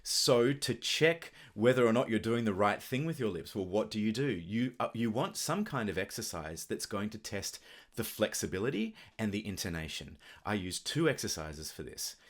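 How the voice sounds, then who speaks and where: Lively-pitched man teaching clarinet technique. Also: moderate pace. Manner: relaxed, thoughtful explaining with occasional fillers. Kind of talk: instructional video talk.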